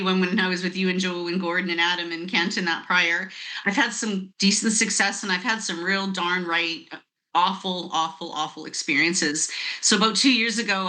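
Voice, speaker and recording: A woman in her fifties, a network marketing guest, telling a lively story with laughs over a video call. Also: fairly low pitch.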